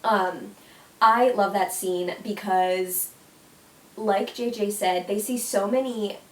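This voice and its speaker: A young woman talks through a casual countdown in a gushing, emotional way and keeps saying "oh my gosh." Her voice sits at an ordinary pitch. It sounds roomy and a little distant from the mic. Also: steady tone, takes it slowly. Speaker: YouTuber. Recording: echoey room, mic at a distance.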